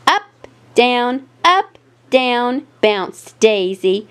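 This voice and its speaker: Woman storyteller, playful sing-song picture-book reading, slightly high voice, unhurried. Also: expressive.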